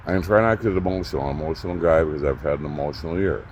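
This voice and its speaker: A middle-aged man hosting his own channel, ranting unscripted to the camera, blunt and profane, swinging from loud outbursts to low muttering. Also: very fast, dull audio, a little hiss or hum. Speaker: YouTube channel host.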